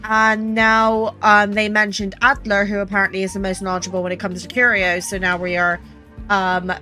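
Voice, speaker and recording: Bright, chatty woman gaming. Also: mid-range voice, level tone, moderate pace. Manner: chatty, apologetic, swears casually. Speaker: gaming youtuber. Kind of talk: let's play commentary. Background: game music.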